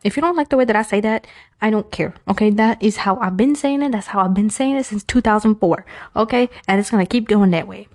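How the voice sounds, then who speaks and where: A woman from New York with a New York accent, hosting a casual advice talk in a chatty, animated way that drifts into playful self-mocking tangents. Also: mid-range voice, fast. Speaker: host of an Islamic advice podcast.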